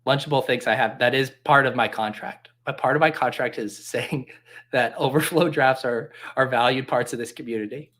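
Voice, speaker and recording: Guy streaming from his basement, bright voice, jokey and mock-serious. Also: mid-range voice, moderate pace. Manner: joking, mock-earnest, reads chat aloud. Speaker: fantasy football streamer. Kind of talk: casual livestream chat. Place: home basement.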